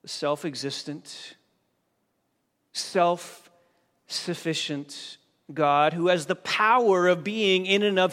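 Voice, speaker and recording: A man preaching a sermon as a pastor, slow and emphatic, pressing hard on key phrases. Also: a little high, a bit bright. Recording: long reverb of a large hall.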